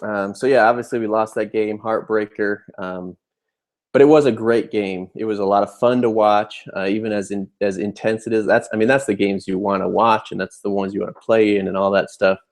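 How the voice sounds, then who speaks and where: Young adult male fan vlogger, low gravelly voice, rambling, fired-up recap rant. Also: steady tone, brisk. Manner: fired-up, rambling, many fillers. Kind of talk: casual game recap rant.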